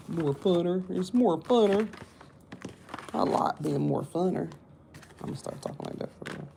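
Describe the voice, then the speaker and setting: A woman's voice: low voice, expressive, brisk, creaky, noisy background. A woman giving a casual live tarot reading, blunt and talkative, cussing and joking to her viewers. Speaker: tarot reader.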